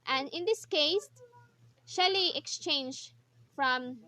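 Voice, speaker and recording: Slow, careful young woman explaining poetry. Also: high voice, pushed and bright. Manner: slow, careful explaining with frequent restarts and self-corrections. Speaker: student presenting a poetry analysis. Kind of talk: recorded class report.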